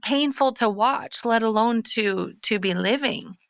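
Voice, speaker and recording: A woman hosting a podcast interview, telling a story in a warm conversational way. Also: fairly high pitch, measured pace, vocal fry, no room sound, clean studio sound. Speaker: podcast host.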